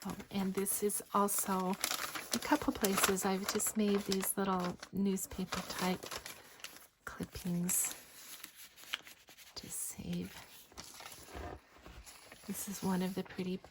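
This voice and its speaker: Slow, soft-spoken woman half-whispering. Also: medium pitch, completely flat delivery. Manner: gentle, slips into a breathy whisper often. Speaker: craft designer showing a journal. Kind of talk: soft-spoken craft flip-through narration. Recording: faint background noise.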